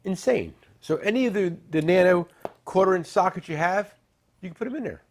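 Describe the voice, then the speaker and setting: A middle-aged man hosting a tool show, chatting casually and joking as he pitches products and tells stories. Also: lively intonation, a little fast. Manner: joking, rambling, salesy with asides. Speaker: tool dealer and show host. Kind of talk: casual product talk and storytelling.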